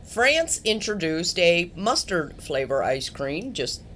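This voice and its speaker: A woman co-hosting a casual podcast, playful and quick to laugh. Her pitch swoops around in a lively way as she sets up each clip. Faint noise sits behind her voice. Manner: animated and playful, laughs often. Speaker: podcast co-host presenting clips.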